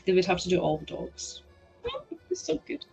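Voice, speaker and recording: A young woman hosting a live stream, chatting excitedly and laughing as she builds a toy set. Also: on the low side, normal speed, creaky, soft background music. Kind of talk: casual chat while building a toy set.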